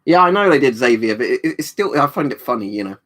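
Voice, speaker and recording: A man's voice: medium pitch, very animated, fast, fairly bright tone. A man chatting casually on a live stream, reading out chat messages, swearing freely and rambling with fillers.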